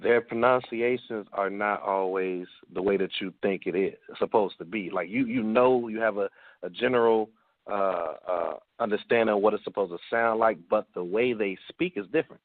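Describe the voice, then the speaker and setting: A man's voice: lowish voice, moderate pace, no room sound. A man with a Chicago accent, a panelist in a casual radio round-table, rambling with many fillers and restarts. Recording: dry tinny phone line.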